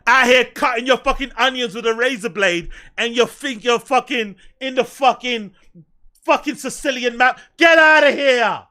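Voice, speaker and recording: Shouting, very high-voiced man ranting. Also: normal speed. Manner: loud, profane, mocking, often shouting. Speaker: streamer reacting to clips. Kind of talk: ranting reaction commentary.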